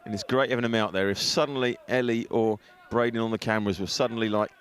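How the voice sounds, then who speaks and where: A man's voice: lowish voice, steady tone, fast talker, fairly bright tone, a little hiss or hum. A man giving live football commentary from an outdoor stadium on a headset mic, chatty and joking, often laughing. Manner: jokey, chatty, laughs often, self-mocking. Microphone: headset with earpiece.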